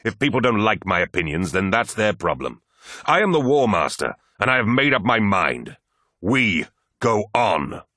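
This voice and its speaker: A man's voice: low-pitched, animated, moderate pace, fairly bright tone, dry recording, studio quality. A man voicing a proud, imperious male warlord in an audiobook reading, with stern, lofty speech. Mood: angry.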